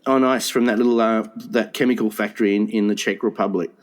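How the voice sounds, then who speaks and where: A man, co-hosting a crude comedy podcast. He rambles, giggles, and cuts in with quick remarks. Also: on the low side, fairly even intonation. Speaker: podcast co-host.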